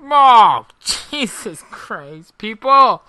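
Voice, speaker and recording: A woman narrating her own gameplay, her bright, sharp voice swinging widely in pitch. She swears freely and yells at the enemies, then drops to muttering under her breath. The feel is a casual let's-play recorded at home. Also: very animated, very slow. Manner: swears constantly, loud frustrated outbursts at the game. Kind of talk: live gameplay commentary.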